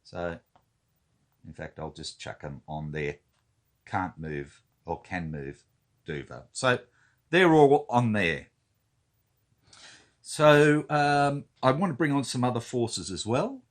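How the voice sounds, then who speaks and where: Slow, hesitant man counting aloud. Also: fairly low pitch, expressive. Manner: thinking aloud, counting units, hesitant fillers. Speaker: wargame player. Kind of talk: casual talk-through of a board game turn.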